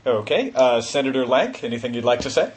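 A man moderating a panel discussion, relaxed and quick to laugh, using plenty of fillers. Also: medium pitch, faint music behind.

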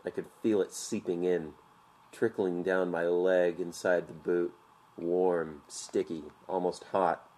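A man narrating an audiobook in a measured, vivid storytelling manner. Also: low-pitched, level tone, mellow.

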